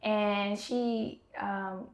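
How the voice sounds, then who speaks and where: A woman in her thirties hosting a podcast, telling her own story candidly and acting out quoted dialogue in an animated way. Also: medium pitch, extremely slow.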